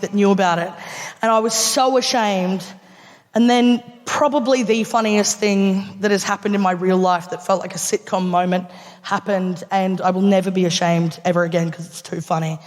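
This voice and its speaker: A woman's voice: mid-range voice, moderate pace. Australian woman telling a stand-up story. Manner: laughing through punchlines, animated quoting of others. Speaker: stand-up comedian. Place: large theatre stage before a live audience. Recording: live theatre with long reverb.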